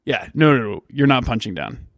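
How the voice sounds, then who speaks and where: A man's voice: mid-range voice, sing-song, fairly quick, no echo. A man co-hosting a podcast in an apartment, talking casually with a teasing, sarcastic edge. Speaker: podcast co-host. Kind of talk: casual chat.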